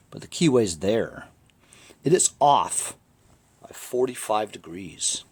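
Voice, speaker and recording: A man's voice: on the low side, expressive, slow pace, long pauses, darkish tone, breathy edge. A man casually talking viewers through a lawn tractor engine repair while he works, chatting to them as he goes. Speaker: small-engine repair vlogger. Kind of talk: casual hands-on repair demonstration.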